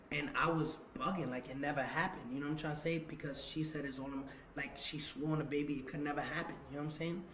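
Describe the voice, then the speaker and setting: A man with a fairly high voice tells a story in a loose interview, fast and animated, stumbling over repeated words and acting out other people's lines. The room sounds echoey, with a faint hiss behind him. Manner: animated, repeats words, acts out quoted dialogue. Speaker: interview guest.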